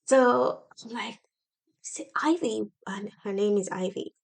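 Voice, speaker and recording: A woman's voice: medium pitch, fairly even intonation, measured pace, vocal fry. An earnest woman in her thirties talks into the mic from her home office in a casual solo podcast. Her voice sits in a mid range, and she speaks in an encouraging, faith-tinged way. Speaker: podcast host.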